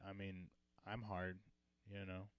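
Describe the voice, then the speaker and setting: A man co-hosting a comedy podcast, telling a story in casual chat, swearing freely and dropping to low mumbles. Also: completely flat delivery, slow pace, clean tone, no echo. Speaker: podcast co-host.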